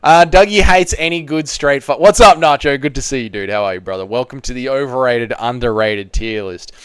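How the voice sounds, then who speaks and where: A man's voice: medium pitch, a little fast, clear, resonant tone, dry recording, studio quality. An Australian man hosting a casual livestream, reading viewer comments aloud and bantering bluntly with plenty of swearing. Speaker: livestream host.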